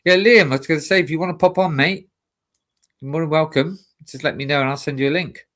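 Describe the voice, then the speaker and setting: A man co-hosting a live stream, chatting casually and rambling with many halting restarts. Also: fairly high pitch, a bit bright. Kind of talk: casual chat.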